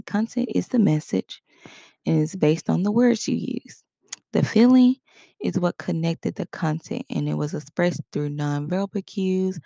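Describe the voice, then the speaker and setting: A woman's voice: fairly low pitch, gravelly, warm tone, dry recording. A woman giving a casual spoken lesson in a conversational way, acting out short example quotes. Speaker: instructor.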